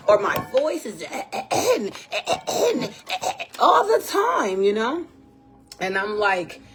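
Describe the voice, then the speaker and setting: A woman with a medium-pitched voice hosts her own podcast solo, rambling casually about faith with churchy phrases and talking to an absent guest. She often clears her throat, and her voice frequently sounds strained.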